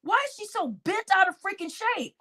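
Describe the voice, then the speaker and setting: A woman's voice: very high voice, very animated, moderate pace, bright, forceful tone. A woman giving an indignant, exclaiming livestream commentary, talking straight to her chat.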